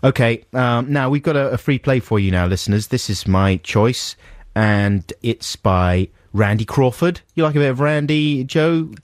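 A man's voice: medium pitch, animated, normal speed, no room sound, studio quality. A man co-hosting a radio show, chatting in a playful, teasing way. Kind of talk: casual on-air banter. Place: radio studio.

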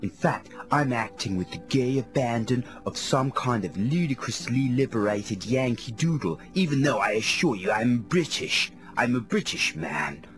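A man on a comedy radio show impersonating a self-absorbed male film star, talking in a melodramatic breathy stage whisper. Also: mid-range voice, expressive, normal speed, a bit bright. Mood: cheeky. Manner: melodramatic, self-mocking monologue. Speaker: radio host. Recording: radio broadcast with music underneath.

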